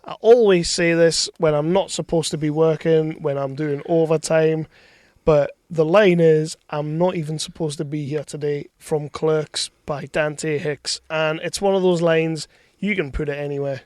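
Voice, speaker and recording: A man trades film banter on a podcast, laughing often and swearing freely as he acts out favourite quotes. His voice sits a little high, and the sound is close and dry. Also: steady tone, a little slow, darkish tone, no echo. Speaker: podcast co-host. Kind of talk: casual banter.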